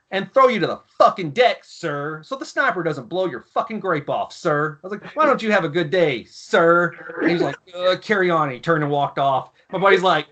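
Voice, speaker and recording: A man in his thirties, a former Marine guest, telling profane, animated stories in casual podcast chat. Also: a little high.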